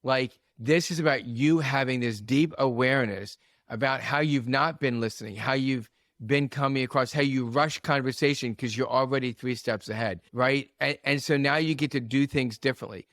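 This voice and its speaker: A man who coaches, speaking as a podcast guest at a mid pitch. He tells stories in an animated way and acts out what people said. The recording is dry and close. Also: normal speed, dry recording. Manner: storytelling, animated, acts out quotes. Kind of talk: casual podcast conversation.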